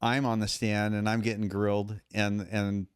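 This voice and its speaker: Guest voice: emphatic middle-aged man, low and smooth, dry close sound. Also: moderate pace, no room sound. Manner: emphatic, animated retelling with quoted dialogue. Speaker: podcast guest. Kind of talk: storytelling in conversation.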